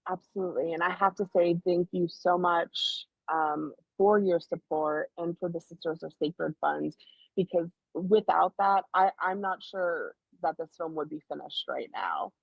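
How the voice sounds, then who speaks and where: A woman's voice: on the low side, a little slow, creaky, slightly rough, no echo. A filmmaker woman speaking heartfelt and grateful in an interview over a video call. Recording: dull, lo-fi audio.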